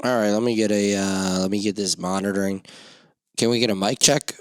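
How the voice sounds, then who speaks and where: A man hosting a solo podcast, rambling and swearing through self-mocking rants with sudden loud outbursts into a studio mic. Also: lowish voice, fairly even intonation, a little fast, dry recording. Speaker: podcast host.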